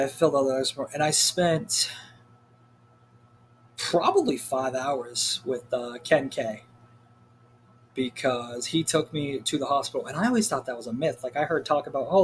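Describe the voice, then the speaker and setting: A man's voice: medium pitch, slight background noise. Rambling, cussing young guy. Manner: rambling, profane, heavy on "like" fillers. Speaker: vlogger. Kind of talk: casual storytelling rant.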